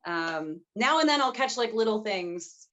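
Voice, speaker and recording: A woman from the United States with a neutral accent and a smooth, silky voice, talking earnestly and reflectively as a voice-actor guest in a casual interview. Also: medium pitch, expressive, measured pace, a bit bright, dull audio.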